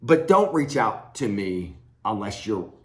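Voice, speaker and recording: A man's voice: fairly low pitch, sing-song, unhurried, fairly bright tone. A middle-aged man giving blunt, plain-spoken advice straight to camera as a recovery coach. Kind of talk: direct-to-camera advice talk. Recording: echoey room.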